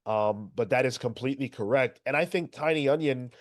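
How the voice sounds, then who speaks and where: Animated man hosting a comics podcast. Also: mid-range voice, a little fast. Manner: animated, swears, exasperated rants. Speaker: podcast co-host reading chat. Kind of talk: casual chat.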